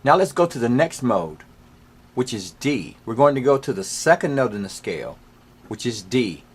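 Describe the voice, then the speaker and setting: A man's voice: mid-range voice, very animated, moderate pace, slightly rough. A man teaching a music lesson, patiently explaining scales step by step. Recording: faint piano playing behind.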